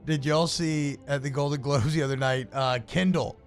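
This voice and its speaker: A man co-hosting a sports radio show, joking and quick to give his opinion in casual banter. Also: a little high. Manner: animated, joking and quick to opine.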